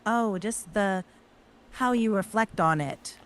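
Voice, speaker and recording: A woman interviewing a guest, calm and measured, offering brief affirmations and reflective questions. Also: medium pitch.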